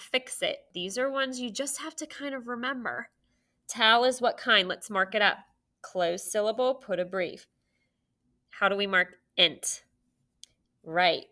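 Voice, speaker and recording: In a bright, pushed, mid-range voice, a young woman teaches a recorded phonics lesson for children. She is patient and encouraging as she sounds out words and letters.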